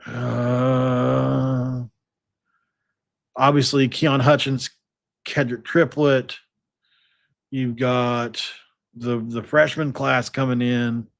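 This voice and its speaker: A man's voice: medium pitch, flat delivery, extremely slow, gravelly, pauses often. A man hosting a sports podcast, talking casually and rambling with lots of fillers and restarts.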